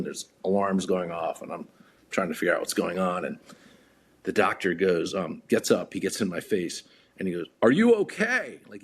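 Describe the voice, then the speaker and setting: A man's voice: deep voice, slight background noise. A man, a podcast guest, telling a story in a casual way, acting out other people's voices and often repeating his words.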